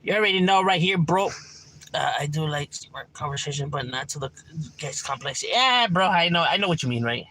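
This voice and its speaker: Laid-back man, lively voice. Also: a little high, brisk, slight background noise. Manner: laid-back, slangy, profane, keeps asking "right?". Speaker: livestreamer reading chat. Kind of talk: casual livestream chat. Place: at home.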